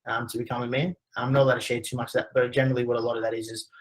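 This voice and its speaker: A man's voice: medium pitch, flat delivery, racing, poor audio. A man with an Australian accent, presenting a webinar and telling a personal story in a conversational way, with many fillers. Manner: conversational, frequent "you know" fillers.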